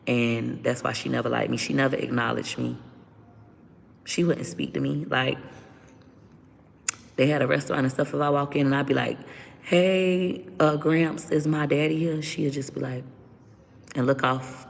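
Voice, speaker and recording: A woman's voice: very deep voice, flat delivery, moderate pace, vocal fry, long pauses, long reverb tail. A woman talking candidly as an interview guest about her own life, blunt and profane as she vents. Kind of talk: candid personal storytelling.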